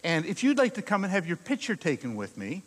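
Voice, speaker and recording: A man speaking at a chapel service, telling a long personal story in an animated way and acting out scenes and quotes. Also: high-pitched, brisk. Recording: echoey hall, long reverb.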